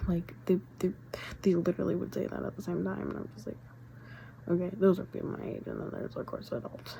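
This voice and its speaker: Young adult woman vlogger; low-pitched, rambling delivery with whispered asides. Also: little pitch movement, quick pace, creaky, dark tone, slight background noise, poor audio. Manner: rambling with many fillers, often dropping to a whisper. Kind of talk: casual rambling chat.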